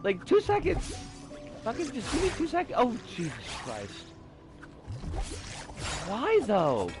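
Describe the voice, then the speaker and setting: A woman's voice: on the high side, huge pitch swings, takes it slowly, over music. Swearing woman streaming a game. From United States. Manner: swears constantly, yelps and curses at the game, then drifts into rambling chat. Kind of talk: casual live game commentary. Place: home streaming setup, living overseas.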